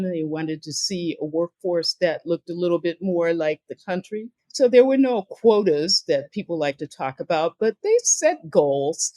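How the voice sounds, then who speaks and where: Older woman telling lively career stories. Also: fairly low pitch, no room sound. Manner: animated storyteller who acts out the voices of people she quotes. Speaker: guest speaker and author. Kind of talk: storytelling in a podcast interview.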